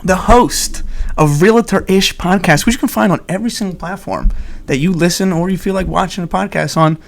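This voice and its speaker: Excitable young New podcast host man. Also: high voice, a little fast, vocal fry. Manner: exuberant, chatty, laughs often. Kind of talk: excited casual podcast chat.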